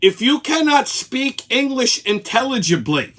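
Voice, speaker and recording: High, bright, swearing man ranting. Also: very animated, unhurried. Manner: profane, angry storytelling. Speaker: show host. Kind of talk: ranting weekly commentary.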